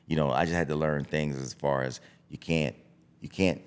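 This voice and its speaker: A man's voice: very deep voice, moderate pace, smooth. A middle-aged man, a boxing coach, talking bluntly and animatedly in a casual podcast conversation. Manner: blunt, animated, acts out voices of self-talk.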